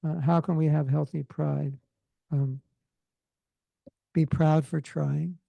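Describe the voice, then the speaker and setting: A man's voice: fairly high pitch, level tone, slow, creaky, no room sound, lo-fi sound. A man with a Californian accent giving an informal devotional class, talking conversationally with joking asides. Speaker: spiritual teacher.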